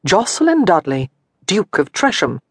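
A woman narrating an audiobook in a measured, expressive storytelling manner. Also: fairly low pitch, slightly rough, no echo, studio quality. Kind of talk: scripted narration.

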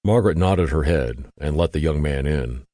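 A man reading a true-crime audiobook in steady, expressive scripted narration on a close studio mic. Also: rumbling low, normal speed, no room sound.

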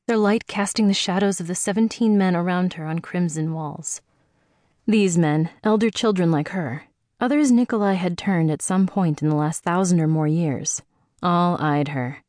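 A woman narrating a dark fantasy audiobook in a measured, even way. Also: fairly low pitch, dry recording. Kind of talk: scripted narration. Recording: dry close studio sound.

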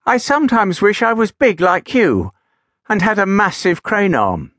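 A man gives a full character voice to a tiny, eager steam engine, pitched above his natural voice. He sounds wistful, hopeful and excited, speaking high at a measured pace. The recording is clean studio sound with no room sound.

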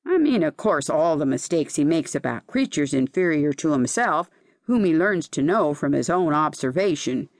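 A dignified, stubborn male bookworm, as a woman reader puts him on, lectures slowly and gravely in a lowered voice. Dry and close, with the pitch still rising and falling. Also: expressive, a little mellow, no echo.

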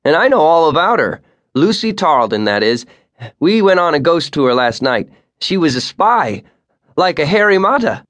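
A male narrator voicing an excited, cocky young boy who shouts. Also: fairly high pitch, moderate pace, pitched above the performer's own voice. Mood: boastful.

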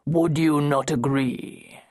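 A woman's voice: low-pitched, steady tone. A woman voicing a cold, cryptic unseen spirit. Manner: slow, quiet, drawn-out menace. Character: mysterious powerful male spirit, cold and cryptic. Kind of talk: audiobook character voicing.

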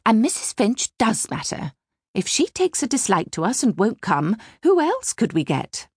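A woman reads a fussy middle-aged mother who chatters on and gossips. The voice swoops lively and carries a husky, gravelly edge, in a dry close recording. The manner stays prim and scandalised. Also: a little high, normal speed, no echo, exaggerated voice. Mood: fretting. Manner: prattling, gossipy, easily scandalised. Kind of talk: audiobook character reading.

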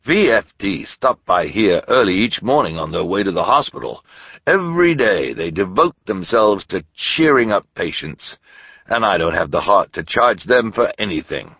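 A man's voice: sits low, big pitch swings, normal speed, husky, dry recording, dull audio, full character voice. A man voicing a friendly, scruffy little shopkeeper who chats and holds firm opinions, in a storybook reading. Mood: chatty. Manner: chatty, opinionated.

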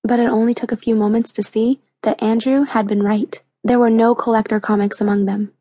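A woman narrating a children's audiobook in a clear, even storytelling manner on a close mic. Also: a little high, brisk, dry recording.

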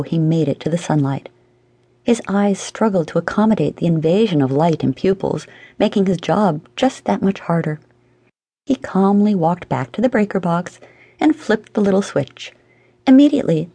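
A woman narrating a humorous audiobook in a measured, expressive storytelling manner. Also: on the low side, husky, dry recording. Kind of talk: scripted narration.

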